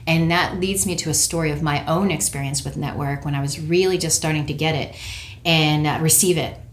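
A woman speaking as a practitioner in a conversational interview, earnest and reflective, and lively when she tells a story. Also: sits low, fairly quick. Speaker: network care practitioner, guest. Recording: roomy echo.

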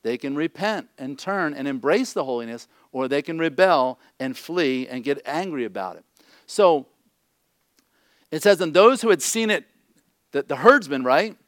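Blunt, joking pastor with a higher voice. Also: male voice, lively intonation, normal speed, fairly bright tone, no room sound, studio quality. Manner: blunt, joking asides, repeats "okay?". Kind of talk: conversational sermon.

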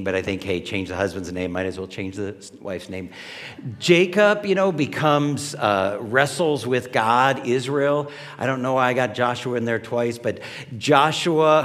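A male pastor delivers a sermon in a conversational, questioning manner, his pitch swinging up and down with lively expression. His voice rings out with the long reverb of a large church hall. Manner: conversational, animated, asks the congregation questions. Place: church sanctuary.

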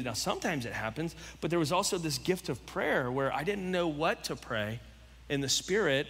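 Guy preaching a sermon, kinda high bright voice, does little voices for people in his story, big echo in the hall. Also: normal speed. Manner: storytelling, quoting others in lively voices. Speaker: pastor.

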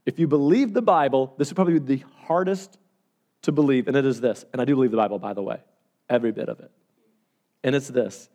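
A man preaching a sermon as pastor, telling stories with animated swings between loud and hushed delivery. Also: medium pitch, quick pace.

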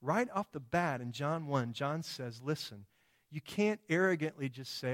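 A man's voice: fairly high pitch, expressive, unhurried, a bit bright. A man preaching a sermon, emphatic, with many rhetorical questions and quoted voices.

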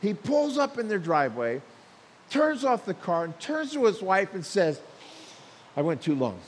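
A man preaching a sermon, telling stories and acting out quotes with lively emphasis. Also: high-pitched, moderate pace. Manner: animated preaching with acted quotes and storytelling. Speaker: pastor. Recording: long hall reverb with faint hiss.

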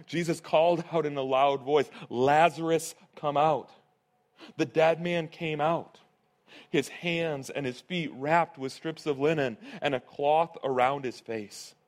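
A man's voice: fairly high pitch, a little slow. A male pastor preaching a sermon, earnest and emphatic, repeating his key phrases.

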